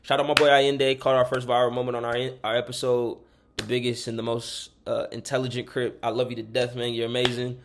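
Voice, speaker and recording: A man's voice: medium pitch, completely flat delivery, a little fast, slight background noise. A young man hosting a podcast, rambling sincerely through thank-yous to friends and listeners, swearing freely and choked up close to tears. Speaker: podcast host. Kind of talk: heartfelt shout-outs to listeners.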